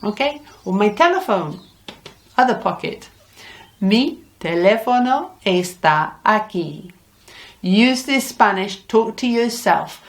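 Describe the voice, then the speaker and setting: A woman's voice: mid-range voice, animated, slow pace. A middle-aged woman teaching a language lesson, patiently repeating words for learners. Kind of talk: slow, deliberate Spanish lesson.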